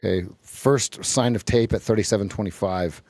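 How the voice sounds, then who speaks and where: A man hosting a live trading stream, giving joking, quick market commentary. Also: on the low side, darkish tone, no room sound, clean studio sound.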